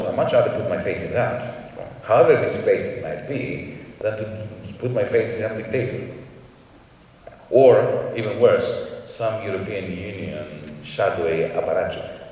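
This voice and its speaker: Man from Greece, low voice, professorial and emphatic, distant mic, long hall reverb. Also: a little mellow, a little hiss or hum. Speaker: panel guest. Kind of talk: conference panel answers. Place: large conference hall. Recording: echoey hall from far off.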